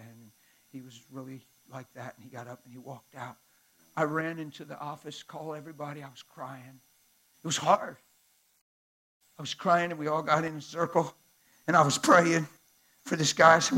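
Man, pastor, sermon storytelling, high voice, hushed to loud. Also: lively intonation, fairly quick, pauses often, low-quality recording.

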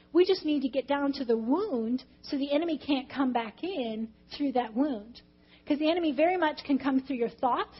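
A woman's voice: high voice, lo-fi sound. A woman preaching a testimony-style sermon, telling her story with animation and acting out her own past reactions.

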